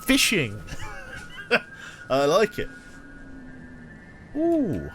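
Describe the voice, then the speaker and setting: A man's voice: mid-range voice, sing-song, normal speed, fairly bright tone, faint music behind. A man streaming a game, thinking aloud and rambling to himself with many restarts. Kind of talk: casual thinking-aloud gameplay commentary.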